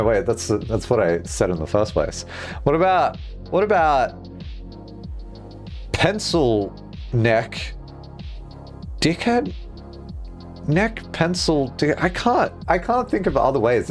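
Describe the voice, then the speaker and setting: A man's voice: mid-range voice, big pitch swings, normal speed, soft background music. A man streaming a game, musing aloud in casual chat and swearing freely. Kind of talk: casual livestream chat while gaming.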